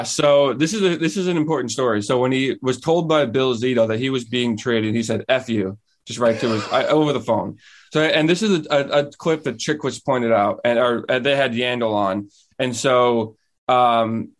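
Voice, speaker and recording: A man co-hosting a casual sports talk show, recounting a story in a relaxed, conversational way. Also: medium pitch. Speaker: podcast co-host.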